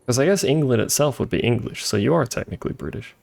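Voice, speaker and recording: Animated and fast-talking, a man with a gravelly, darkish mid-range voice streams a game. He keeps up joking, chatty commentary and talks to his viewers, with faint game music in the background.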